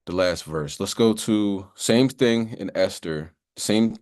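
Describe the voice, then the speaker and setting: A man's voice: lowish voice, takes it slowly, darkish tone. A man teaching a casual Bible class in a loose, chatty way, often asking "you know what I mean" and slipping into joking voices to act out sayings.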